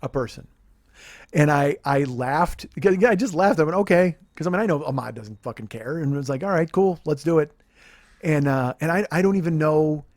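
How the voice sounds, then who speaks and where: A man's voice: fairly high pitch, normal speed, a little mellow, no echo, studio quality. A man hosting a podcast, telling a rambling comedic story in a loose, profane way. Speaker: podcast host.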